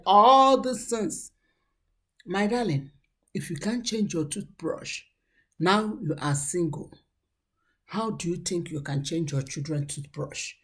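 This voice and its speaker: A woman giving earnest, preachy relationship advice to young women, acting out the people she quotes. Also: mid-range voice. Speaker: relationship coach. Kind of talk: motivational advice talk.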